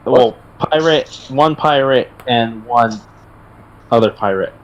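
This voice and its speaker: A man's voice: medium pitch, slow pace. A man playing in a tabletop game, chatting casually and setting the others straight in a matter-of-fact way. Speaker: player.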